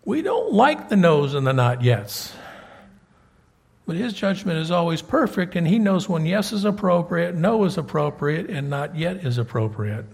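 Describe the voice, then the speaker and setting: A man preaching a sermon and reading scripture aloud, conversational and emphatic, swinging between loud and soft. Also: fairly high pitch, big pitch swings, moderate pace, vocal fry, slightly rough.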